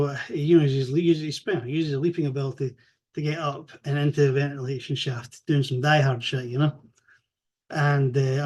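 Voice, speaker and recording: A man recapping a comic story in a rambling, animated way, swearing freely and acting out the characters' lines. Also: a little high. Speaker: comics reviewer.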